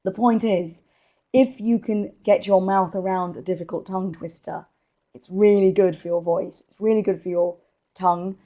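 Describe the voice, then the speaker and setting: Energetic woman speaker, dull call audio. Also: mid-range voice, normal speed. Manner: energetic, laughing often. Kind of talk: live webinar talk.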